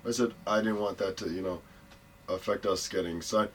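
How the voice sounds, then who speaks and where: A man's voice: low-pitched, moderate pace. A man telling a wrestling story in casual, profane talk, jumping into voices for the people he quotes. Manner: profane, animated, acts out quotes in changing voices. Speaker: guest wrestler.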